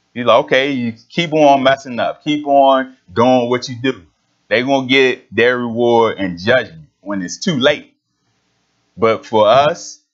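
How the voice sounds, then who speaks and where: A man's voice: on the low side, fairly bright tone, lo-fi sound. A man preaching a sermon in an emphatic, conversational way, reading scripture aloud and explaining it.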